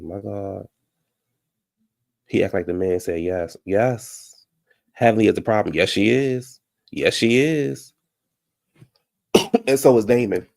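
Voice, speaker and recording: Low-pitched and creaky with a warm tone, a man hosts an informal live recap of a reality show. He gets heated and rants, answers viewer comments, and speaks directly to the people on the show.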